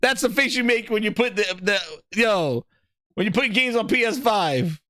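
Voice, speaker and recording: A man hosting a live gaming stream, reacting with loud laughter, swearing and repeating himself. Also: high-pitched, normal speed, no room sound, clean studio sound. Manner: excitable, laughing, profane, repetitive.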